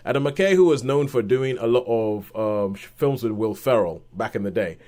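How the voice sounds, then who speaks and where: A man co-hosting a podcast, reviewing a film in casual chat and retelling scenes with lively quoted voices. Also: medium pitch, normal speed. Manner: animated retelling with acted-out quotes and laughs.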